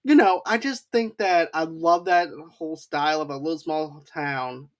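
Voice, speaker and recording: A man hosting a casual movie review podcast, rambling through plot recaps. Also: a little high. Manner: rambling plot recaps with quick acted quotes. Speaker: podcast host.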